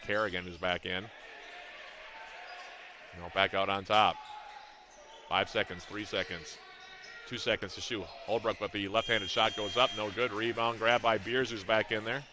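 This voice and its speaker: A man calling a college basketball game play-by-play, reading out plays, scores and shooting stats in a brisk, rhythmic way. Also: on the low side, flat delivery. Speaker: play-by-play announcer.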